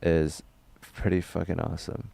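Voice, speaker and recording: A young man livestreaming, reading chat questions aloud in a loose, rambling, crude and deadpan way. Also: low voice, moderate pace, creaky, husky, no echo.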